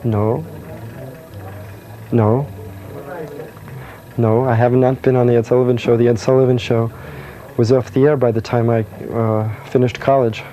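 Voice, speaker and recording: Soft-spoken, meandering comedian. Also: male voice, medium pitch, flat delivery, a little slow, pauses often. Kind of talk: casual interview answers.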